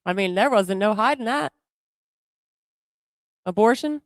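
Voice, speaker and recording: A woman's voice: mid-range voice, expressive, unhurried, long pauses, no echo. A woman co-hosting a livestream in casual political chat, bluntly answering chat comments. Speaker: co-host of a livestream.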